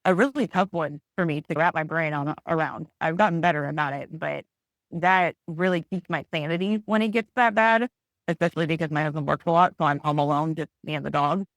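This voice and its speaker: A woman's voice: low-pitched, a little fast, dry recording. A woman guest in a podcast interview, speaking candidly and reflectively with frequent restarts.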